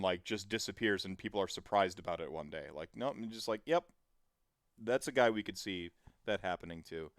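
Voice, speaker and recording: A man's voice: on the low side, fairly bright tone, clear, resonant tone, no room sound, studio quality. A man in his thirties hosting a casual podcast chat, rambling with plenty of fillers and the odd swear word. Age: 30s. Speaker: podcast host.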